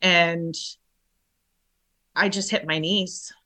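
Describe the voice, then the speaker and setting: A middle-aged woman, shaken, telling a painful personal story in a halting way with many restarts. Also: fairly low pitch, steady tone, bright, forceful tone. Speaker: guest.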